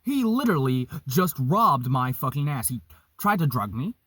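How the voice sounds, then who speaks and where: A young man casually telling a story, profane and animated, vaping as he talks. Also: mid-range voice, moderate pace, husky, no echo, clean studio sound. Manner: vaping while talking.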